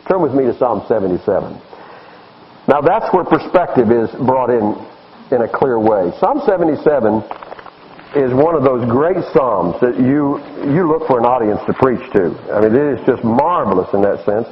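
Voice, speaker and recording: Animated pastor preaching. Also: male voice, mid-range voice, moderate pace, highs cut off, slight background noise. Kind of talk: sermon.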